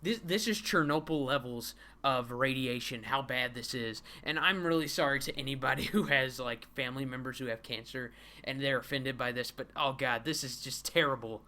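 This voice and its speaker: Bright-voiced stammering male streamer. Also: medium pitch, moderate pace, few pauses. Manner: stammering repetitions, frequent giggles, mock-dramatic. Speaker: live streamer reading a comic. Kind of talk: casual live-stream commentary.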